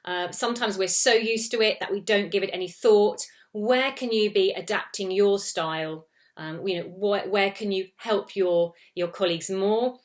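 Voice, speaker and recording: A woman's voice: mid-range voice, moderate pace. A British woman working as an intercultural trainer, giving advice to camera in a conversational way, with many "you know" fillers. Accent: British English. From Britain. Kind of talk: talking-head advice video.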